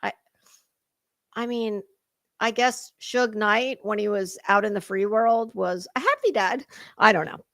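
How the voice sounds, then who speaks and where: A woman's voice: medium pitch, a little slow, long pauses, a bit bright, dry recording, clean studio sound. A middle-aged woman hosting a casual political commentary livestream, chatty, blunt and profane as she talks to her chat viewers. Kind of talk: casual live-stream chat.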